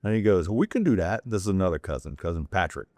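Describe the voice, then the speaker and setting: A man's voice: deep voice, expressive, quick pace, darkish tone, no room sound. A man from North Carolina, a podcast guest, telling casual, digressive anecdotes full of restarts. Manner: acts out quoted people in a raised voice. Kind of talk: casual storytelling.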